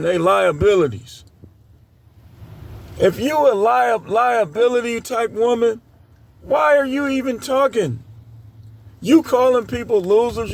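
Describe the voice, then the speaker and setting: A middle-aged man delivers a blunt, scolding rant to camera. His voice sits high for a man and has a rough, gravelly edge. He lectures his listeners in a preachy, no-nonsense way. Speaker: dating commentator. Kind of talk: ranting commentary to camera.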